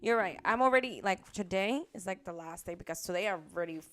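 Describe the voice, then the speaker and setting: A woman's voice: medium pitch, fast, fairly bright tone. A young woman co-hosting a podcast, chatting casually in a playful, jokey way and laughing often. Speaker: podcast co-host. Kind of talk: casual chat.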